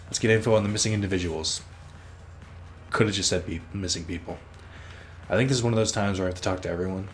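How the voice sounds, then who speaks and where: Hosting a let's play, a man with a low voice talks at a quick clip but pauses often, with a faint hiss or hum on the recording. He rambles casually as he plays, swears freely, and teases himself.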